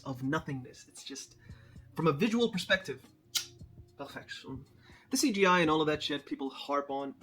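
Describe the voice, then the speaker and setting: A man giving casual, profane, animated commentary as a movie reviewer, slangy and laughing at his own jokes. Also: fairly high pitch.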